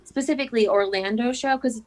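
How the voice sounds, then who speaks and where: A woman's voice: a little high, brisk. A young woman guest chatting casually and eagerly, with lots of filler words. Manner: bubbly, chatty, lots of ums and likes. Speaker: guest fan. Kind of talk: casual video call chat.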